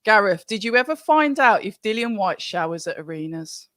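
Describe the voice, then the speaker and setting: A man's voice: high-pitched, sing-song, moderate pace, bright, forceful tone. A man hosting a live chat show, upbeat and jokey, reading out viewer comments.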